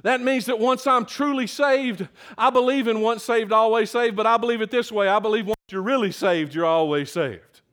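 Older man preaching, very high voice, folksy, emphatic, rises to loud peaks. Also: fairly even intonation, normal speed. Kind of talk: sermon.

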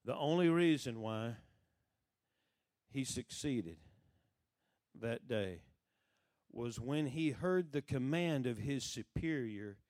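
A middle-aged man preaching, telling a story with lively acted-out voices. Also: mid-range voice, slow, pauses often, no echo. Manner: animated storyteller who acts out quoted voices. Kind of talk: sermon storytelling.

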